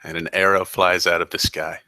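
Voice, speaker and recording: A very low-pitched man runs a tabletop game, his voice bright and forceful. He narrates the scene in a relaxed, stop-start way, full of fillers. The sound is close and dry. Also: a little fast, no echo, low-quality recording. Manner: relaxed, hesitant storytelling with many fillers. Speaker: game master.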